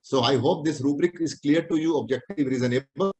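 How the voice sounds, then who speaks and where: Middle-aged Indian-accented male doctor, lecturing, somewhat high pitch, plain repeated explanations. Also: a little fast, a little mellow, low-quality recording. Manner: plain-spoken, repetitive explaining, non-native English phrasing. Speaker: homeopathic doctor teaching.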